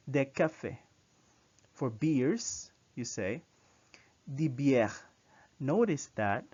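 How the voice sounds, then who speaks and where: A man from the Philippines gives a language lesson at a very unhurried pace, repeating each word several times. His mid-pitched voice comes through a muffled, lo-fi recording. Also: darkish tone. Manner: patient, repeats words for practice. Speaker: language teacher. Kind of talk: slow spoken lesson. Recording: dull lo-fi recording.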